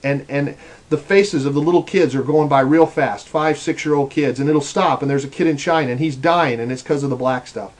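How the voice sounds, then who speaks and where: A man's voice: on the high side, brisk. A man giving an earnest, rambling personal testimony, often repeating his words. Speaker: speaker giving a religious testimony.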